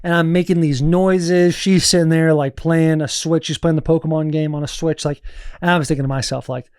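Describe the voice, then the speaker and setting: A man in his thirties with a slightly high voice shares a story on a studio podcast. He swears freely and keeps the telling animated. The recording is dry and close. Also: a little fast, clean tone, no room sound. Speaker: podcast co-host, former football player. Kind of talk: casual chat.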